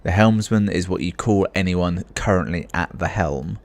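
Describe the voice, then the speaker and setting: A man's voice: sits low, moderate pace. A man voicing a pompous, vain, rich ship owner who talks in a grand, boastful, theatrical way. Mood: fussy.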